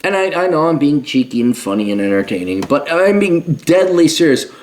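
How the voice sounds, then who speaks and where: A man's voice: on the high side, big pitch swings, fairly quick, a little mellow. A middle-aged man giving a sarcastic, mocking commentary rant while reading and reacting to an article. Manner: sarcastic, mocking, with mimicking asides. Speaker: commentary host. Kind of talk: ranting commentary.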